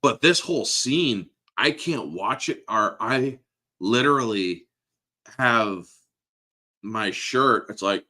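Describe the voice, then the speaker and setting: A podcast host in his thirties chats casually about a movie, emotional and profane, laughing often. His medium-pitched voice has lively intonation, a slow pace, and a pushed, bright quality, in a casual movie review chat.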